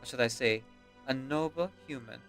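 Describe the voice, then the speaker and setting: A man's voice: mid-range voice, normal speed, a bit bright, faint music behind, close to an everyday voice. A man reading a cool, defiant young noblewoman. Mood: mocking. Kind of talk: reading game dialogue aloud.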